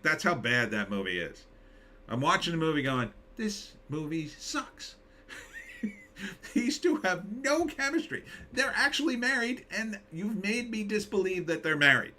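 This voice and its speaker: A man's voice: medium pitch, sharp tone. A man hosting a casual live stream, reading chat and joking sarcastically. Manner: sarcastic, jokey, mocking impressions.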